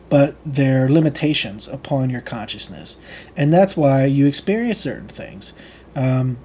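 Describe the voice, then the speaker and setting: A man's voice: medium pitch, dark tone. A man who reads a lecture passage aloud and then explains it in his own words, reflective and full of ums and restarts. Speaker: channel host reading and explaining lectures.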